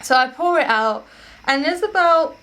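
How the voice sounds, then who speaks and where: A young woman with a slightly high-pitched voice tells anecdotes to camera at home. Her delivery is chatty and rambling, full of restarts and self-corrections. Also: animated, normal speed, fairly bright tone. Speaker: vlogger. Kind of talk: casual storytelling to camera.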